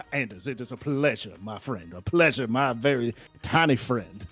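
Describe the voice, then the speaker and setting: A game master voicing a jovial Southern gentleman with a folksy American Southern drawl, chuckling and repeating "I say". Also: medium pitch, expressive, a little slow, slightly rough, faint music behind.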